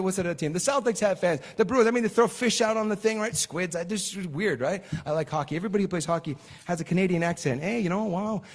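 A man preaching a sermon, telling chatty stories and checking in with "right?" before bursting into shouted exclamations. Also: high-pitched. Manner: keeps asking the crowd "right?". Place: church sanctuary. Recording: long hall reverb.

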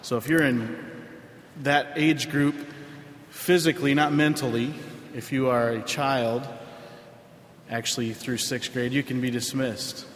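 A man, a pastor giving a sermon in a conversational way with frequent filler pauses. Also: medium pitch, steady tone, a little hiss or hum. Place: church sanctuary. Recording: roomy hall with long reverb.

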